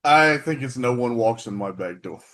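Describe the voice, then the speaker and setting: A man's voice: mid-range voice, lively intonation, normal speed, fairly bright tone. A man co-hosting a podcast, chatting casually with jokes and profanity. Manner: jokey, laughing, profane. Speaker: podcast co-host. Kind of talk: casual chat about wrestling.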